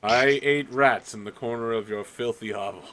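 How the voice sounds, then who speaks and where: A man's voice: mid-range voice, moderate pace, noisy background, close to an everyday voice. A man voicing a pompous, formal animal familiar that talks down to its owner. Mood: haughty. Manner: dry, condescending, formal speech. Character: pompous evolved animal familiar, male, noble and haughty.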